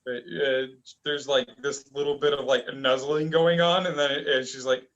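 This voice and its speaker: A young man co-hosting a casual review chat, rambling and halting with lots of fillers. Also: medium pitch, flat delivery, a bit bright, highs cut off. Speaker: manga review co-host.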